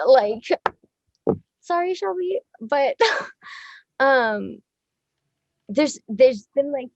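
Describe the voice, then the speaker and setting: A woman in her thirties, a musician being interviewed, talking in a rambling, excitable way, swearing freely and laughing often. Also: on the high side, no room sound, muffled recording. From Texas. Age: 30s. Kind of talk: casual chat.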